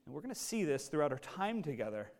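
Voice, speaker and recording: Animated male pastor preaching. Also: fairly high pitch, quick pace, vocal fry. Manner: animated, acts out quotes in lively voices. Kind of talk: sermon.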